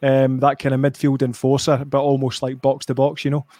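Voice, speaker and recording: A man's voice: mid-range voice, monotone, fairly quick, warm tone, no echo, clean studio sound. A Scottish man co-hosting a podcast from home, chatting casually about football, sweary and laughing, with frequent restarts. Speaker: podcast co-host. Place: at home, remote.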